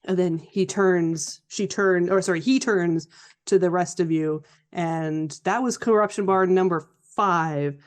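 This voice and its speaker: A woman's voice: on the low side, steady tone, measured pace. Woman running a tabletop game. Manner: chatty, laughing, with fillers and restarts. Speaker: game master.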